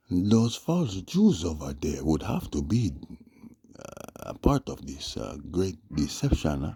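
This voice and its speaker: A man's voice: deep voice, very animated, a little slow, creaky, mellow, husky. A man giving mocking casual commentary on a livestream, tagging his points with "huh?". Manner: mocking, with frequent "huh?" tags. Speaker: online commentator.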